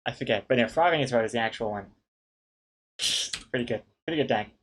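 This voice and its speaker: A man's voice: medium pitch, fast, a little hiss or hum. Joking man reading chat suggestions. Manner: jokey, reads names aloud, laughs often. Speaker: streamer reading viewer suggestions. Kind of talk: casual live-stream chat.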